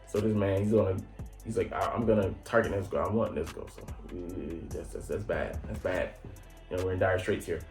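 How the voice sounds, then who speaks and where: Low-voiced guy rambling thru an anime recap, lots of cussing and um you know, roomy echo. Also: steady tone, brisk, a little mellow. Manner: rambling, profane, full of fillers. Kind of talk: casual episode recap. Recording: echoey room with faint music.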